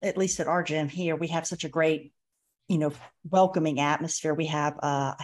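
A woman from Mississippi chatting in a friendly, expressive way as a podcast guest. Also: deep voice, normal speed. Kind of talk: casual podcast chat.

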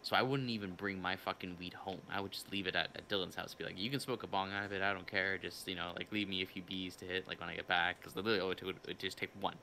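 A man's voice: deep voice, fairly even intonation, fast, creaky, few pauses, sharp tone, slight background noise. A young man hosting a casual podcast, telling a rambling, profane story with restarts. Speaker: podcast host.

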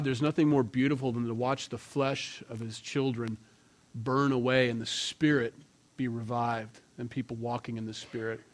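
Conversational man preaching a sermon. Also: medium pitch. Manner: conversational, storytelling with family anecdotes. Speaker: pastor.

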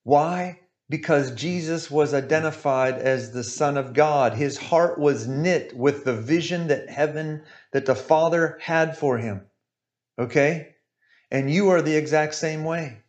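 Emphatic, fairly high-voiced male preacher. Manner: emphatic, repeats points, asks "right?" often. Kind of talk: sermon.

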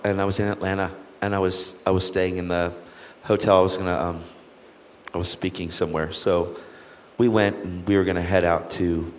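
A man speaking as an evangelist guest, giving an impassioned, earnest testimony full of quick restarts and acted-out dialogue. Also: sits low, in a large hall. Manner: earnest, animated, frequent restarts, acts out quoted dialogue.

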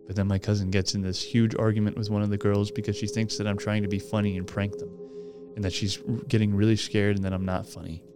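A man's voice: fairly low pitch, little pitch movement, quick pace, music in the background. A man hosting a podcast, reading a horror story aloud in a casual way and swearing freely as he goes. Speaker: podcast host.

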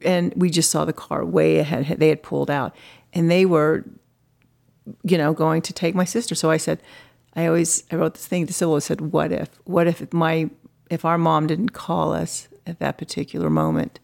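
Gravelly-voiced woman telling a story. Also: deep voice, normal speed, a little mellow. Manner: chatty, lots of "you know" fillers, acts out quoted voices. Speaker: artist guest. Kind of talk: casual interview storytelling.

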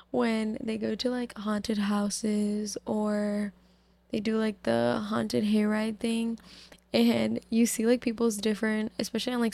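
A woman giving a casual devotional talk, reflecting slowly and haltingly on scripture with many fillers. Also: on the high side, vocal fry, darkish tone, dry recording. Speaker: Bible study speaker.

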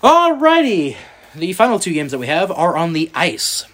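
A man's voice: a little high, a little fast, fairly bright tone, a little hiss or hum. Man with a Southern drawl. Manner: reads out matchups, then banters. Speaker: podcast host. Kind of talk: casual sports podcast chat.

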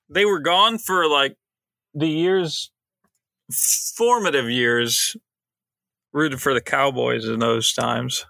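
A man's voice: medium pitch, slow, vocal fry, long pauses, bright, forceful tone, dry recording, clean studio sound. A man from Ohio, hungover, co-hosting a podcast in casual chat with terse, laconic short answers. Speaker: podcast co-host.

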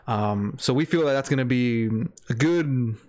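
A man's voice: medium pitch, moderate pace, darkish tone. A young man co-hosting a casual podcast, teasing his friend and explaining the show's plans plainly. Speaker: podcast co-host.

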